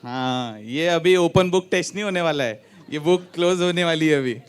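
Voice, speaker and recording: A man's voice: a little high, very fast, smooth. A man hosting a ceremony, playful and teasing as he quizzes teachers with tongue twisters. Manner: playful, switches between English and Hindi. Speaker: event host. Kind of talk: lively emcee hosting a quiz game. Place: large hall at a ceremony.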